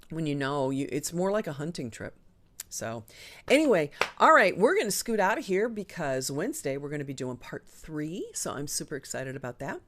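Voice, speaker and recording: A woman hosting a live online show, chatting casually and enthusiastically with frequent ums and a lively, swinging delivery. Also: low voice. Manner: chatty and enthusiastic, talks with her hands in the air of her voice, frequent ums. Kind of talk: casual live-stream chat.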